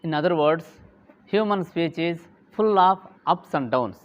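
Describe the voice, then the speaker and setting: Man teaching slowly. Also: a little high, lively intonation, dull audio. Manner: slow, deliberate, repeats key terms with frequent "okay". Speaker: English teacher. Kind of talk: classroom lecture.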